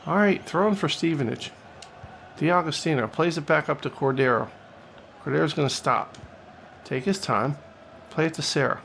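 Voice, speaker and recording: A man hosting a gaming channel, giving jokey mock-announcer play-by-play of a football video game and shouting at the big plays. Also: on the high side, normal speed, creaky, long pauses, slight background noise. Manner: excitable, jumps into loud shouts at big plays. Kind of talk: playful game commentary.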